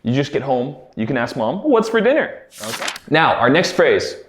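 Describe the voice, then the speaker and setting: A man hosting an English lesson, explaining phrases and sound changes and repeating examples slowly and clearly. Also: medium pitch, a bit bright, slight background noise. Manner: slow, exaggerated modelling of example phrases. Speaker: English teacher. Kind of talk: lively teaching narration.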